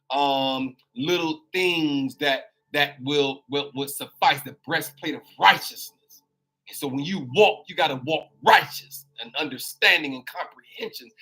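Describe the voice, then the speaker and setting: A man's voice: fairly high pitch, bright, forceful tone, slightly rough. A man hosting his own daily live show, preaching in an informal way. He repeats words and calls his listeners y'all. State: on a crutch with a swollen knee. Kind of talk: preacher-style live monologue.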